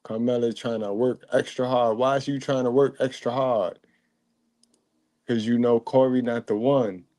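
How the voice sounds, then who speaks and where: A man talks in a loose, joking, slangy way as he reacts to a clip. His voice is dark and mellow. The sound is dry and close, with little room around it. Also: mid-range voice, fairly even intonation, moderate pace, no room sound. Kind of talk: casual reaction commentary.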